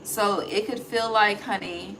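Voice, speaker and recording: A woman's voice: mid-range voice, measured pace, poor audio. Chatty woman giving a casual card reading. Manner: chatty, thinks aloud, swears, calls the listener honey. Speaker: intuitive tarot reader. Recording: steady background noise.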